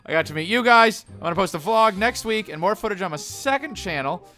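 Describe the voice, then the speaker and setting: Man, comedic storytelling vlog, animated, high pitch, faint music behind. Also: brisk. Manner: animated, acts out every character.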